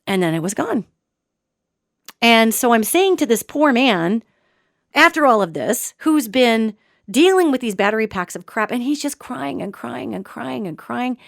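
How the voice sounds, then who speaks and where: A woman hosting a show and telling a story in an animated, dramatic way, with sudden swings between loud and soft. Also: on the high side, a little slow, creaky, no room sound, clean studio sound. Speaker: podcast host and psychic. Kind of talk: storytelling monologue.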